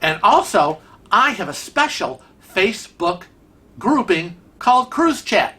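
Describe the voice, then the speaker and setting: Bright-toned chatty man from Rochester. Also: high-pitched, sing-song, slow. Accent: Rochester, New York. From Rochester, New York. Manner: chatty, digressive, teasing. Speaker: vlog host. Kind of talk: casual vlog commentary.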